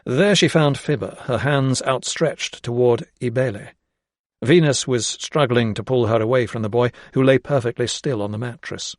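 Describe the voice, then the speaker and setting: A male audiobook narrator with a mid-range voice, reading a period novel in steady, even storytelling. The sound is close and very dry, with no room at all. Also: medium pitch, moderate pace, no room sound. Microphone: close studio mic.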